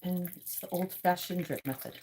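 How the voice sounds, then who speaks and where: A middle-aged woman hosting a casual livestream from outdoors on a wooded ridge, chatting with viewers and her pets, sometimes dropping into soft whispers. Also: fairly low pitch, moderate pace. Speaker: livestream host. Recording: noisy outdoor recording.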